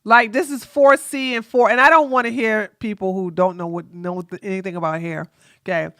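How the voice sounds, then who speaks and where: A woman host giving sassy, animated reaction commentary on a livestream, exclaiming and throwing in asides. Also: medium pitch, brisk, dry recording, clean studio sound.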